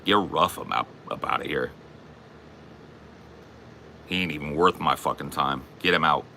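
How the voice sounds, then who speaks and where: A low-voiced man with a sharp, forceful tone rants in profane, taunting bursts. He is confrontational and loud in his delivery, as a comedy host goading someone, with a faint hum of room ambience behind him. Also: moderate pace, vocal fry. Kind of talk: aggressive comic rant.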